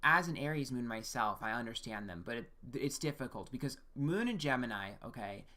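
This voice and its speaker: A man's voice: mid-range voice, lively intonation, brisk, sharp tone. A man giving a casual, frank one-on-one birth chart reading as an astrologer, talking straight to the listener and checking in with "okay?" and the occasional swear.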